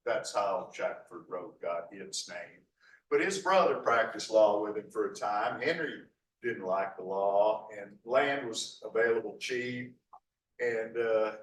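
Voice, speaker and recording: A man's voice: fairly low pitch, slight background noise. A middle-aged man giving a rambling, folksy local history talk over slides. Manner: folksy, rambling, full of 'uh' restarts. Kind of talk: slide lecture with asides. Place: lecture hall. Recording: echoey hall from far off.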